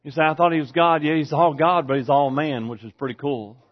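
A man preaches a sermon in a fairly high voice. He reads scripture slowly, then climbs into loud, near-shouted preaching before dropping back to a hush. The recording sounds dull and lo-fi. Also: steady tone. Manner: swings from hushed to loud preaching, rising to shouts. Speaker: pastor.

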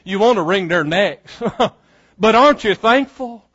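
High-voiced preacher, passionate. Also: male voice, lively intonation, unhurried, breathy edge, highs cut off. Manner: impassioned preaching, swinging from hushed prayer to loud exclamations. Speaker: pastor. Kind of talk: sermon.

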